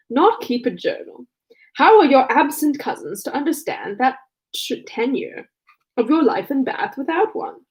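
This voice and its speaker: A woman reading aloud and voicing a witty, teasing young gentleman with mock-formal manners. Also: high voice. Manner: mock-formal, then simpering when he affects a pose.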